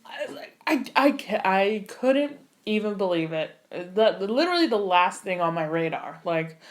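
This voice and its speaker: A young woman, an actor and singer, telling an animated story in a casual interview, full of "like" and "you know". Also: medium pitch, moderate pace.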